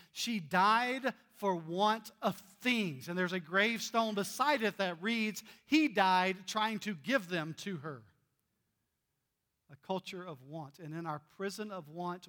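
A man preaching a sermon, telling stories earnestly and swinging between loud emphasis and hushed asides. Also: high voice. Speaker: pastor.

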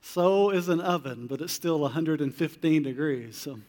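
A man preaching a sermon as a pastor, animated, with incredulous rhetorical questions. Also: fairly high pitch, normal speed, hardly any pauses, in a large hall.

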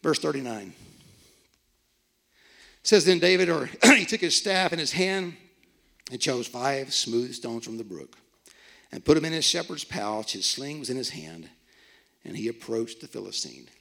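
A man's voice: animated, a little slow, creaky, long pauses, fairly bright tone. A man preaching a sermon, reading scripture and joking in asides, his voice rising and dropping sharply. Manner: preaching with big swings in pitch and volume, joking asides. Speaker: pastor.

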